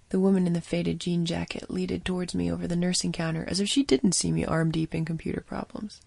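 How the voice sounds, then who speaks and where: A woman's voice: on the low side, little pitch movement, fairly quick, vocal fry, few pauses, darkish tone, breathy edge, no echo. A woman reading a scripted first-person audio drama as narrator, with a wry storytelling manner.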